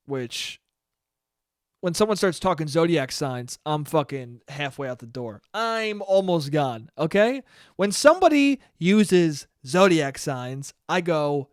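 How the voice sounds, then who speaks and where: A man's voice: a little high, moderate pace, clear, resonant tone, no room sound, clean studio sound. A young man hosting a solo podcast, ranting in a profane, rambling way and acting out quotes in mock voices. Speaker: podcast host. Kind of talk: solo comedic rant.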